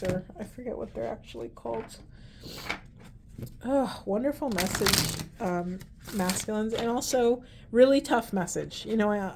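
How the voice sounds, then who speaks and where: A woman's voice: medium pitch, creaky, background noise. Earnest woman giving a spiritual card reading. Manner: earnest, meandering, gently emotional. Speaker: tarot and oracle card reader.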